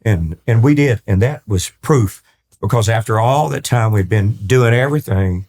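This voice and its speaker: A man's voice: on the low side, moderate pace. An older man from East Texas, telling stories as a guest on a casual interview podcast and acting out the dialogue as he goes. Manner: animated storyteller who acts out quoted dialogue, with frequent restarts. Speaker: country singer, podcast guest.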